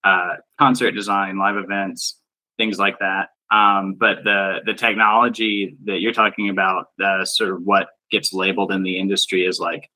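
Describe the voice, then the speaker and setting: A male podcast guest with a strikingly bright, forceful voice, pitched fairly low. He explains things in a relaxed, casual way and peppers his speech with "like". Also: normal speed, rough recording. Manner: relaxed, explanatory, uses "like" a lot. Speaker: podcast guest, live event designer. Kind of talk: casual chat.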